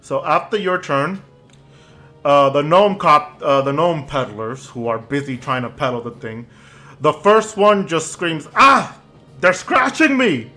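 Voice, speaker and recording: A man running a tabletop game as game master, narrating actions casually with spoken booms. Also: unhurried, faint music behind. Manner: relaxed narration with sound-effect booms.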